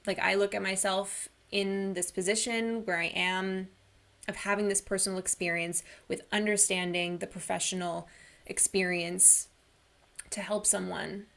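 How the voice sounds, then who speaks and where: A woman's voice: medium pitch, level tone, measured pace, vocal fry, a bit bright. A woman wellness coach giving an online workshop in an earnest, personal storytelling manner.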